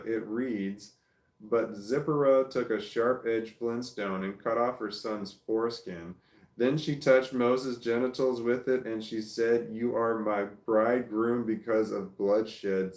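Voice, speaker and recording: A man's voice: mid-range voice, gravelly, roomy sound. A Southern man with a Southern American accent, casually reading and reacting to live comments in a stop-start, chuckling way. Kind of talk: casual livestream chat.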